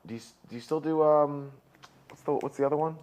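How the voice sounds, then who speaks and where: A young man in casual chat, trading quick teasing banter. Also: fairly high pitch, lo-fi sound.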